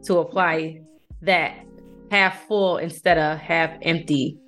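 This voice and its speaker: A woman hosts a faith podcast and tells stories in an animated way, laughing often. Her voice sits a little low. Faint music plays beneath her. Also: slow pace. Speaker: podcast host. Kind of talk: faith-based conversation.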